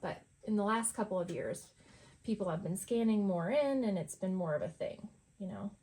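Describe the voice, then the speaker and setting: A woman's voice: medium pitch, expressive, normal speed, darkish tone. A middle-aged woman at home, chatting casually and rambling while she paints, laughing often. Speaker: art vlogger. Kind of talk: casual chat over painting.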